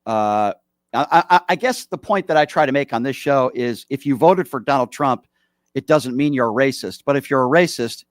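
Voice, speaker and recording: A man's voice: mid-range voice, dry recording, clean studio sound. A man in his forties hosting a political call-in radio show, talking in a blunt, heated, opinionated way. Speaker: radio talk show host.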